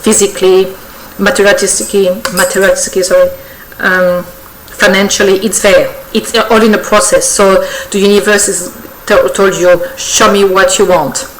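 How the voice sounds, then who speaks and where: A woman's voice: medium pitch, flat delivery, moderate pace, slight background noise, rough recording. Effusive woman giving a tarot reading. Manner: effusive, coaxing, full of "okay?" check-ins and repetitions. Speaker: tarot reader. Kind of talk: weekly tarot reading addressed to viewers. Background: faint birdsong.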